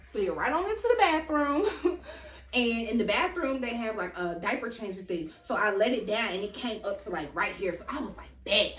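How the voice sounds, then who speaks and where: Young woman, casual vlog storytelling, animated and slangy, slightly out of breath, echoey room, mic at a distance. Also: a little high. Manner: animated, slangy, acts out quotes. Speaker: vlogger.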